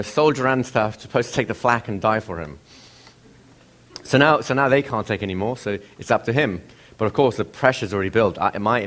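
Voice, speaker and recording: A man giving a lecture, telling a story with rhetorical questions to the audience in an animated way. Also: fairly low pitch. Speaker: seminar presenter.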